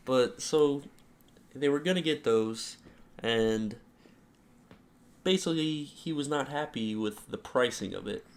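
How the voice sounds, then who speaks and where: A man's voice: mid-range voice, takes it slowly, pauses often. A young man co-hosting a podcast, casually retelling work stories and acting out the quotes with lots of "like". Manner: animated retelling, heavy use of "like", acts out quotes. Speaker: podcast co-host. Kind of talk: casual storytelling.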